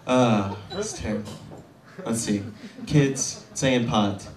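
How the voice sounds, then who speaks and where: A man in his twenties doing a stand-up set, rambling and self-deprecating, often halting with fillers. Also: medium pitch, echoey room, distant mic. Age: 20s. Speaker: stand-up comedian.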